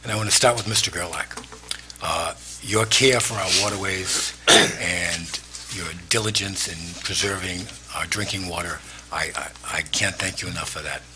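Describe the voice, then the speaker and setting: Male council president, very deep, emotional halting delivery, noisy room. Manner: emotional, halting speech with many fillers. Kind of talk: council meeting farewell remarks. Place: town hall council chamber. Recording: noisy meeting room recording.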